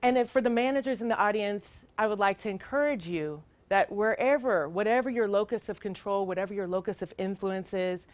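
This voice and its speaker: A woman's voice: mid-range voice, fairly quick, few pauses, no echo. Middle-aged woman trainer: earnest, emphatic, conversational; mid-range voice, dry close recording. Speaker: child welfare trainer. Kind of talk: training session talk.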